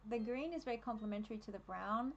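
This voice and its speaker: A woman's voice: on the high side, quick pace, lo-fi sound, a little hiss or hum. A young adult woman with an Australian accent, chatting casually on a live stream while decorating in a game, easily distracted and laughing often.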